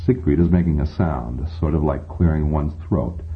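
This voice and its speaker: A man's voice: very deep voice, normal speed. A man narrating a first-person audiobook in a wry, conversational way. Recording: tinny phone-like sound.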